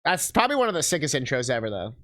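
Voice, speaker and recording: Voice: medium pitch, very animated, very fast, fairly bright tone. A streamer giving casual, crude, joking commentary while watching game videos.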